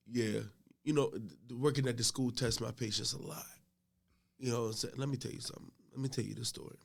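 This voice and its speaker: A middle-aged man, a podcast guest, telling a story in casual chat. He starts out laid-back and gets loud and laughing as the story builds. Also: medium pitch, vocal fry.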